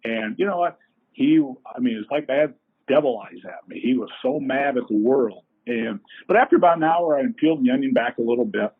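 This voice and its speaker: A middle-aged man tells folksy, lively stories as a podcast guest. His voice is husky and sits at an ordinary pitch for a man. The sound is thin and boxy, like a phone line. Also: a little fast. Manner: folksy, animated storyteller. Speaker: company co-founder, guest. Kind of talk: anecdotal storytelling in a podcast interview.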